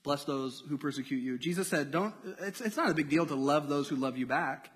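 Casual, lively preaching man in a hall. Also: on the high side, fairly quick, slightly rough. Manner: casual, conversational preaching with slang and rhetorical questions. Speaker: pastor. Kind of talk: sermon.

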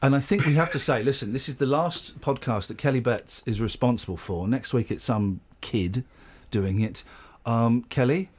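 A man's voice: mid-range voice, moderate pace, hardly any pauses, breathy edge. A man co-hosting a breakfast radio podcast, teasing and mock-outraged in playful banter.

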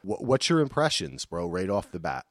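A man's voice: low-pitched, sing-song, normal speed, no room sound, studio quality. A man hosting a podcast, talking in an enthusiastic, casual way with frequent restarts. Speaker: podcast host. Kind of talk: excited casual chat.

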